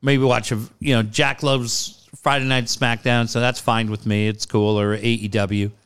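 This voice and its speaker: Smooth-voiced rambling man. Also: medium pitch, level tone, normal speed, fairly bright tone. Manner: rambling, laughs easily. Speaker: guest. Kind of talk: casual chat.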